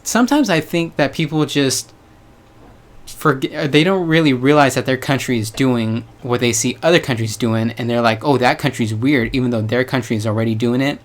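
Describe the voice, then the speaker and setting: This is a young vlogger from the United States chatting casually to viewers at a moderate pace, his voice medium in pitch. He wanders as he talks, leaning on slang and hedging phrases.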